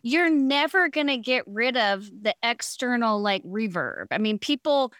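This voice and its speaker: A woman's voice: on the high side, lively intonation, measured pace, fairly bright tone, no echo, studio quality. Blunt, frank woman giving advice. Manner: blunt, frank advice with playful quoted asides. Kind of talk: casual podcast chat.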